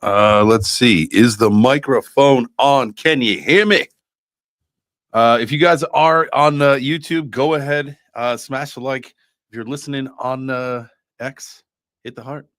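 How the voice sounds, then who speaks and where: A man's voice: mid-range voice, measured pace, a bit bright, no echo, studio quality. A man hosting a live streamed talk show, casual and slangy, sounding congested from a broken nose. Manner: loose, slangy and profane, with many fillers. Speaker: livestream host. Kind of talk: casual livestream chat.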